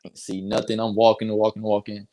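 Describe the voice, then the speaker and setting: A man's voice: lowish voice, little pitch movement, brisk, dark tone. A young man from North Carolina, a basketball player telling a story in a casual interview, acting out quotes and laughing.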